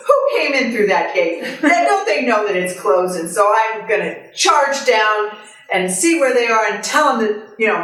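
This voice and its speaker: A woman tells anecdotes to a small group in a lively way, slipping into the voices of the people she describes. Her voice sits at a middle pitch. She is picked up from well away from the mic in a room with heavy echo. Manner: lively storyteller who acts out other people's lines with laughs. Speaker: former temporary caretaker. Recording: very echoey room, mic far off.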